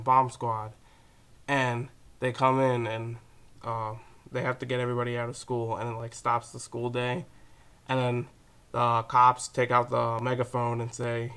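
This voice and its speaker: A man's voice: mid-range voice, a bit bright, clean tone. A teenage boy ranting casually to camera, rambling with lots of fillers and casual swearing. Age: teens. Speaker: vlogger.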